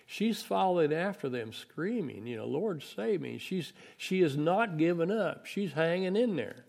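A man's voice: fairly high pitch, expressive, moderate pace, a little mellow. A man preaching a conversational Bible lesson, folksy and plain-spoken, acting out quoted voices as he goes. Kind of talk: sermon.

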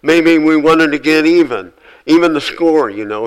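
A man preaching a sermon as pastor, repeating short commands and swinging between loud exhortation and quiet asides. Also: a little high, lively intonation, normal speed, clear, resonant tone, poor audio.

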